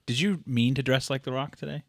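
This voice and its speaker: A man's voice: mid-range voice, a little fast, dry recording, clean studio sound. A young man hosting a podcast, teasing his friend in easy, casual chat. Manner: easygoing, teasing. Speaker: podcast host.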